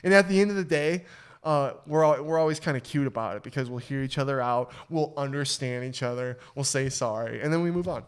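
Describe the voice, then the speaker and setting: A young adult man hosting a podcast, telling a story in casual chat with lots of swearing and quick restarts. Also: medium pitch, clear, resonant tone. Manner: animated, swears freely, stammers and restarts. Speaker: podcast host.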